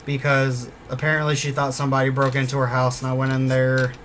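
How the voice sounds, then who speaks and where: A man's voice: medium pitch, completely flat delivery, brisk, a bit bright, a little hiss or hum. A man telling a casual story about a former job, rambling and swearing often, repeating himself as he goes. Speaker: former store worker.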